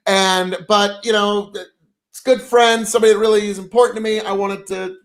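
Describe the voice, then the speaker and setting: A man with a notably high voice, co-hosting a loose podcast conversation. He rambles through a story and swears freely as he goes. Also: level tone, normal speed. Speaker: podcast co-host. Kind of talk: casual chat.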